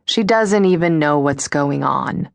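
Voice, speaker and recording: Woman putting on a gruff low gossipy lady, blunt and pushy, dry close sound. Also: expressive, unhurried, no room sound, exaggerated voice. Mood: hushed gossip. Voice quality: deeper and gruffer than usual. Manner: blunt, demanding.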